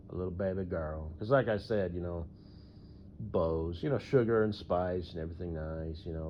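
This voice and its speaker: A man rambling through a solo audio monologue, full of fillers and frequent throat clearing. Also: deep voice, slight background noise. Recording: dull lo-fi recording.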